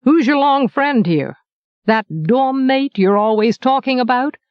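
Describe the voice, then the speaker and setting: A woman's voice: high voice, expressive, a little slow, no echo, lo-fi sound, pitched above the performer's own voice. A woman voicing a middle-aged male baker journeyman, blunt, teasing and mock-stern.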